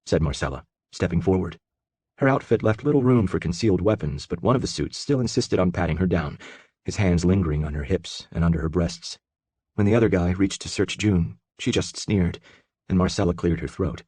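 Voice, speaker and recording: A man narrating an audiobook in a steady, measured storytelling voice. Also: sits low, breathy edge, dry recording. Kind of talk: scripted narration.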